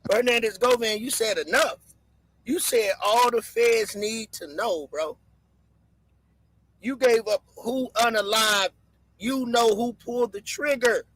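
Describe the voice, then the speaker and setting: Bright high-voiced man hosting a live stream. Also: steady tone, a little slow, no echo, low-quality recording. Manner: emphatic, repeats key lines for effect. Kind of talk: casual live-stream commentary.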